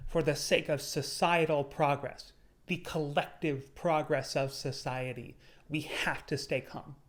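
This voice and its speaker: Earnest young man giving calm advice. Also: a little high. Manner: earnest, measured, slowing on key words. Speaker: YouTuber. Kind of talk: motivational vlog monologue.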